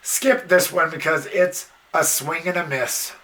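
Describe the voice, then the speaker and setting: A movie reviewer giving a casual, blunt spoken film review, exasperated and swearing a little, sometimes jumping into high squealing impressions. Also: steady tone, unhurried, bright, forceful tone, soft background music. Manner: mimics characters in sudden high squeals.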